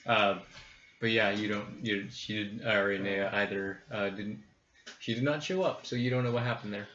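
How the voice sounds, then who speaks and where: A man narrating a tabletop game as game master, in loose banter with swearing. His voice is bright and sharp. The sound is dull and echoey. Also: lowish voice, fairly even intonation, moderate pace. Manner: laughing, swearing casual banter.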